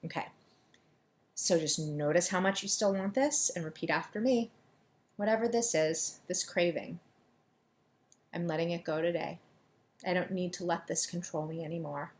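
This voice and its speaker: A woman coaching listeners through an EFT tapping session, giving quick, soothing directions and leading affirmations for them to repeat. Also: fairly low pitch. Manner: deliberately quick delivery.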